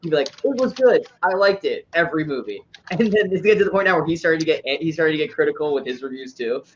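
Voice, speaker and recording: A man's voice: fairly high pitch, fast talker. A man hosting a casual review chat, rambling and repeating himself, often laughing through his stories. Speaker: podcast host. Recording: dull sound with faint background noise.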